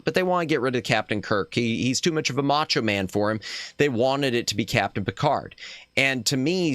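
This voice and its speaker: A man's voice: mid-range voice, a bit bright, dry recording. A man hosting a casual chat stream, talking in a rambling, opinionated way that trails off and restarts as he goes. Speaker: streamer host.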